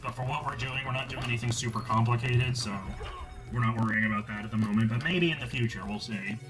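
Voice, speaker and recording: A man's voice: mid-range voice, fast, rough recording. Rambling man chatting over music. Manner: rambling storyteller, full of fillers and restarts. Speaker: co-host of a game stream. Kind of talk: casual chat.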